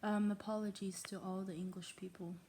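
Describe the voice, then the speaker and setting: A woman's voice: mid-range voice, level tone, brisk, warm tone, a little hiss or hum. A woman reading a novel aloud in a put-on English accent, often stumbling over words and breaking off for self-mocking asides. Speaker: reader. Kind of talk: casual read-aloud of a novel.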